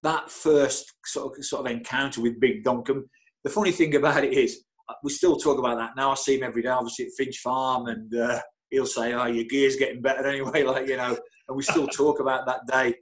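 A middle-aged man, a football physio, telling anecdotes in an interview with lively energy, often stammering and repeating words. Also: mid-range voice, fairly quick, poor audio. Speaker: football club physio, guest.

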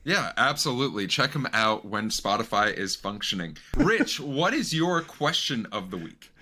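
A man's voice: fairly low pitch, sing-song, moderate pace, pushed and bright. A man hosting a podcast in casual, playful chat, laughing often. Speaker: podcast host.

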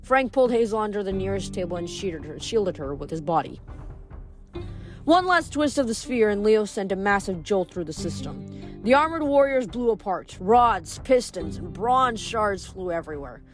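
A woman reading a novel aloud in steady storytelling narration. Her voice sits at a middle pitch for a woman, even and unhurried. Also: faint music behind. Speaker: reader.

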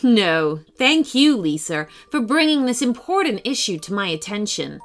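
Storybook governor: kind, composed grown woman, reassuring and measured, a narrator giving her voice. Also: mid-range voice, very animated. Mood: gracious.

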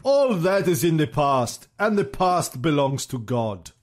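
Man doing solemn interpreter, broken English, formal, a bit higher pitch. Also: very animated, a little slow.

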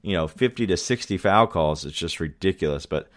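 A man co-hosting a casual sports podcast, talking in a relaxed, rambling way with many fillers. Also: low-pitched, fairly quick. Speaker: podcast co-host.

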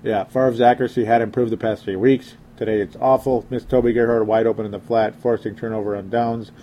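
A man's voice: lowish voice, flat delivery, a little fast, muffled recording, a little hiss or hum. A young man giving casual, sarcastic sports commentary from home. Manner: exasperated, sarcastic.

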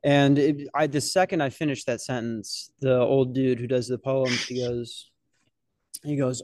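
A man's voice: medium pitch, fairly even intonation, unhurried, a little mellow, no echo, studio quality. A man hosting a podcast, telling a rambling story about open mic comedy in a casual, profane way with lots of restarts. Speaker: podcast host and novice stand-up comic.

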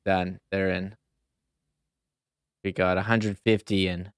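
A man's voice: low voice, flat delivery, takes it slowly, smooth, no echo, studio quality. A man with a Canadian accent co-hosting a sports talk show, laid-back and hesitant, filling with "like". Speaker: co-host.

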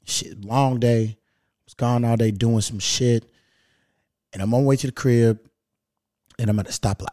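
A man hosting his podcast alone, telling a story in a laid-back, profane, animated way. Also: medium pitch, moderate pace, pauses often, dry recording, clean studio sound. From Louisville, Kentucky. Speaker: podcast host. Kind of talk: casual solo storytelling. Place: at home.

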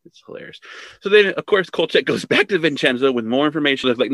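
A man's voice: a little high, fast, dry recording. A man in casual chat, retelling a film's scenes and acting out the characters' lines. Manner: animated retelling, acts out characters' lines in raised voices. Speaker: podcast co-host. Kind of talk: casual chat recapping a film.

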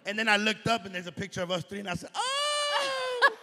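A man's voice: high voice, steady tone, racing, background noise. A man co-hosting a live podcast on stage, telling a rowdy story full of swearing and Spanish slang. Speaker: podcast co-host. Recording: live venue with long reverb.

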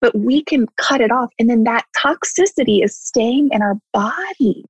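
A woman's voice: on the high side, lively intonation, moderate pace, breathy edge, no room sound, rough recording. A woman therapist speaking earnestly and emphatically in casual conversation, repeating heartfelt words. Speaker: therapist guest.

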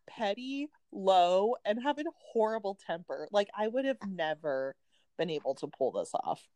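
A woman co-hosting a book podcast in casual chat, animated and acting out what people said. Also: mid-range voice, moderate pace, no echo. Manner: animated storyteller, acts out quotes. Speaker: podcast co-host.

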